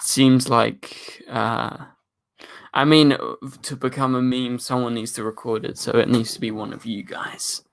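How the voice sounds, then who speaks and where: A man's voice: medium pitch, flat delivery, a little slow, gravelly. A young man hosting a casual live stream, chatting, joking and reading viewer comments aloud.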